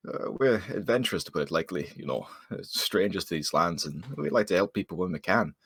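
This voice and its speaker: A friendly adventurer, played by a player speaks low and reassuringly, in a deep, husky voice. It is close to the player's own voice. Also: male voice, animated, brisk, no echo, full character voice. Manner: reassuring, soft-spoken.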